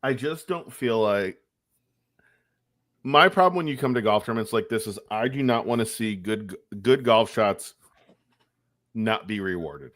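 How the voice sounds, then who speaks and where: A man's voice: on the low side, animated, unhurried, long pauses, fairly bright tone, dry recording, studio quality. A man co-hosting a casual golf podcast, rambling with restarts and cutting in on others. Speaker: podcast co-host. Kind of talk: casual sports chat.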